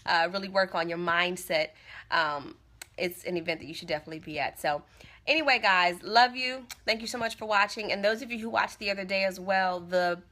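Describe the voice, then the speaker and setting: A woman's voice: fairly low pitch, a little fast, sharp tone. A woman speaking casually and earnestly on a phone livestream, encouraging her viewers and repeating phrases for emphasis. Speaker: motivational speaker. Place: Tampa.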